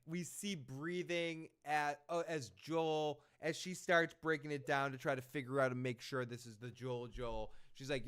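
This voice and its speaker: A man's voice: fairly high pitch, fairly even intonation, unhurried, few pauses, a bit bright, smooth. A man hosting a casual show recap, rambling and swearing as he retells scenes. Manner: rambling, profane, retells scenes with quoted lines. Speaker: podcast host.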